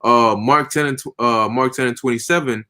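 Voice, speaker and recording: A man's voice: medium pitch, normal speed, sharp tone. A man in a casual religious discussion who quotes scripture and acts out other people's voices.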